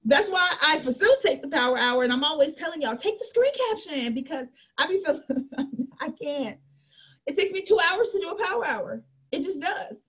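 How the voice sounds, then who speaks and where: A woman coaching an online group about her business in a candid, animated way. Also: sits high, a little fast. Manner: animated and candid, acts out chats in a bright girly voice. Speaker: network marketing coach.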